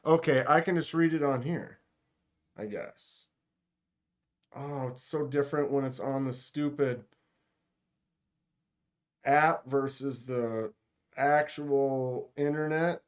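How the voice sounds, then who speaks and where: A livestream host chats casually with his viewers, joking and sarcastic as he talks to chat. His medium-pitched voice is steady, and he takes it slowly, leaving long pauses.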